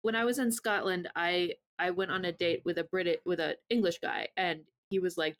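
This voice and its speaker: An American podcast co-host chatting casually, telling quick stories and laughing often. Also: mid-range voice, fairly even intonation, a bit bright.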